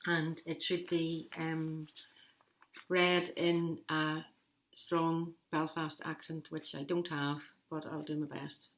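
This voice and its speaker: A woman poet reading her poems aloud in a measured, unhurried way, with a few casual asides between them. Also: low voice, level tone. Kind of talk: poetry reading.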